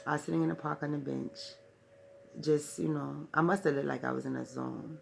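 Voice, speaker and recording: Gravelly-voiced woman telling a rambling story. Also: deep voice, fairly even intonation, a little fast, darkish tone, slight background noise. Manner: rambling, peppers talk with "right"; profane, laughs while telling. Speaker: vlogger. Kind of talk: casual storytelling.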